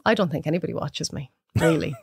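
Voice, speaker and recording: An Irish woman cook talking as a podcast guest, a chatty, animated storyteller who laughs often. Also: deep voice, fast, breathy edge, no echo, clean studio sound. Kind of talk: casual chat.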